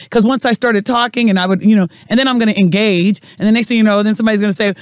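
A woman podcast host and radio personality in casual chat, animated and telling stories with quoted voices. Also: mid-range voice, rapid-fire, hardly any pauses, smooth, no echo, clean studio sound.

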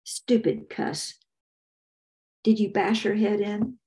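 A woman voicing a gruff, bullying male gang boss who barks in a contemptuous tone. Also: mid-range voice, steady tone, slow, dark tone, voice pushed up, lightly acted. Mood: angry.

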